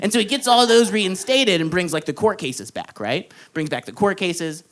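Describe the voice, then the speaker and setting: A man's voice: sits high, animated, normal speed, a bit bright. A young man doing a stand-up comedy set, telling a long story in a loose, casual way and acting out the other people in it. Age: young adult. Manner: casual storytelling, says dude a lot, acts out quoted lines. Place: comedy club stage.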